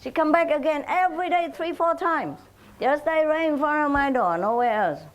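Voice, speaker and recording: A woman telling rambling, animated stories in a casual way. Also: sits high, normal speed, rough recording. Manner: rambling, animated, often laughing. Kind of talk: casual storytelling.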